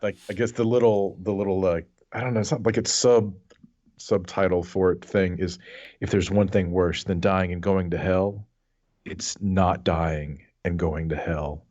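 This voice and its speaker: A man's voice: deep voice, fairly even intonation, moderate pace, a little mellow, lo-fi sound. A man co-hosting a podcast in casual chat, recapping a movie with wry, sarcastic asides. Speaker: podcast co-host.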